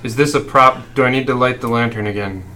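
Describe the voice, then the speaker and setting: A man's voice: medium pitch, quick pace, sharp tone. A man playing a tabletop game, making wry jokes at the table. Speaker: player. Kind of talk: casual game chat. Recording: clear background hiss.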